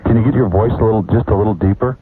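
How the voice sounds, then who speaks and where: Coaxing prank caller on phone. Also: male voice, fairly low pitch, racing. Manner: calm, coaxing, directing. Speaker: prank caller posing as program director. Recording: phone line with faint hiss.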